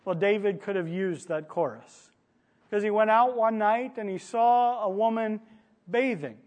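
A man's voice: high-pitched, a little slow, a little mellow. A man preaching a sermon in a conversational storytelling manner, sometimes acting out the people in his stories. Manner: conversational storytelling preacher, acts out quoted lines.

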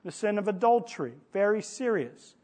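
A man with a notably high voice delivers a sermon in an easy, conversational way. He tells stories and slips into the voices of the people in them, speaking to a gathered congregation. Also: big pitch swings, normal speed, a little mellow. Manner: conversational storytelling preacher, acts out quoted lines. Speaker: preacher. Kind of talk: sermon with storytelling.

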